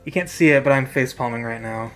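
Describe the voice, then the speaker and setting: A man narrating a tabletop game as game master, relaxed and chatty. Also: medium pitch, fast talker, faint music behind. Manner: relaxed, chatty, laughs often.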